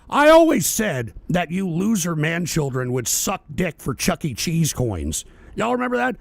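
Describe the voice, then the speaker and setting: A man's voice: high voice, sing-song, moderate pace, gravelly, no echo. A man hosting a political livestream, ranting with constant profanity and sarcasm, then reading out viewer donations. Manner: profane, shouting, sarcastic rant; reads viewer donations aloud. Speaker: political talk show host. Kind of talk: livestream rant.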